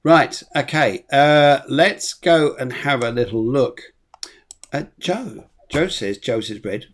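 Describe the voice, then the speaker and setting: A man hosting and working as a medium, speaking softly and with enthusiasm, often repeating himself, during a live spiritual reading. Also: fairly high pitch. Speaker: medium and show host.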